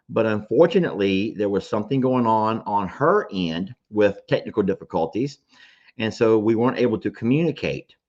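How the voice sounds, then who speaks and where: A man's voice: lowish voice, muffled recording. A man telling a story to his audience in casual chat, emotional and self-deprecating.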